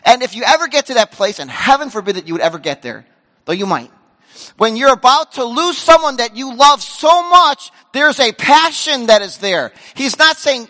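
A man preaching a sermon as a pastor, animated and emphatic, acting out the voices of the people he describes. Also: very high voice, normal speed, long reverb tail. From grew up in a Korean church community. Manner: animated, acts out quoted voices, shouts for emphasis. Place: church sanctuary.

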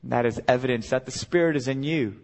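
A man's voice: mid-range voice, quick pace. A middle-aged man preaching a sermon as a guest speaker, earnest and building to impassioned cries.

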